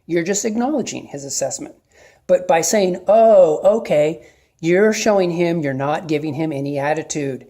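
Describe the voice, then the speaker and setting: A middle-aged man giving casual, plain-spoken advice to viewers, often checking in with a quick "okay?". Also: on the high side, darkish tone. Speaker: video host giving advice. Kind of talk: casual instructional talk to camera.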